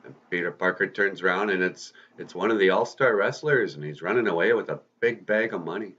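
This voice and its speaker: A man's voice: low-pitched, normal speed, fairly bright tone. A man, a podcast host, telling a story to kids in a casual, folksy way with rambling asides. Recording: slightly muffled lo-fi recording.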